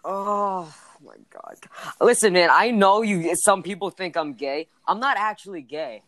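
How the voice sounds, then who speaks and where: A man's voice: high-pitched, a little slow, fairly bright tone, no room sound. A young man hosting a casual podcast chat, swearing a lot and tossing in man and dude. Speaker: host.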